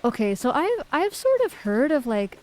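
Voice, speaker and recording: A woman's voice: high-pitched, very animated, moderate pace, rough recording. A woman streamer in casual chat, reading viewer messages aloud and giggling often.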